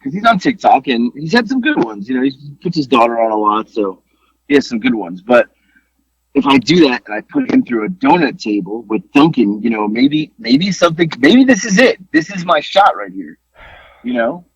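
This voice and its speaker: A man co-hosting a casual podcast, telling stories with lively exclamations and some swearing. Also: medium pitch, brisk, husky, no room sound. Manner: animated storytelling, swearing, exclamations. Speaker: podcast co-host. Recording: dull lo-fi dry podcast audio.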